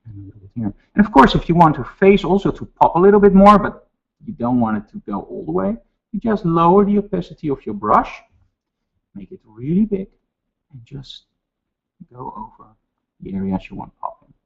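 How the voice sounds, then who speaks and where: A man with a Dutch accent gives a photo retouching tutorial, calmly calling out each step. His voice is gravelly and his pitch moves a lot. The webinar audio sounds dull and lo-fi. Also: normal speed. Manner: instructive, step-by-step, relaxed asides.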